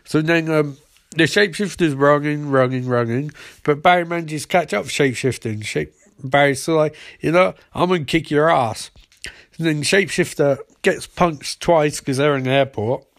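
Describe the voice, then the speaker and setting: A man's voice: a little high, normal speed. A man casually recapping a TV episode for laughs, rambling, swearing and correcting himself. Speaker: comedic recapper.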